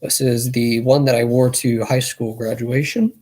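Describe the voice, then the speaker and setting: A young man chatting casually on a live stream, rambling quickly and running out of breath as he talks. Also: medium pitch, flat delivery, darkish tone.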